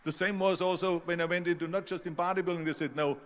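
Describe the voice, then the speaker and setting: A man's voice: high voice, steady tone, quick pace, long reverb tail, some chatter behind. A man with a German accent giving an emphatic motivational speech, telling stories with force. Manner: emphatic storytelling. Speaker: speaker.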